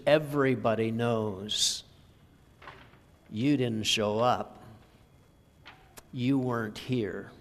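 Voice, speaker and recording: Male preacher, slow deliberate sermon delivery, church reverb. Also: medium pitch, a bit bright. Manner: slow, measured storytelling with scripture reading. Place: church sanctuary.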